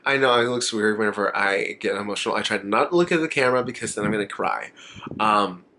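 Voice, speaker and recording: A man's voice: lowish voice, quick pace, bright, forceful tone, slight background noise. A young man chatting to camera in a makeup vlog, rambling, emotional and laughing often. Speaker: makeup vlogger. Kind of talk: casual chat to camera.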